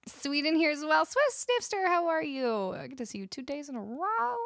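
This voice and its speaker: This young music streamer from Canada, speaking with a Canadian accent, sounds high-pitched, very animated and a bit bright, with vocal fry at normal speed. She chats casually with live stream viewers, laughing often and reading out their messages. A studio vocal mic gives clean studio sound with no echo.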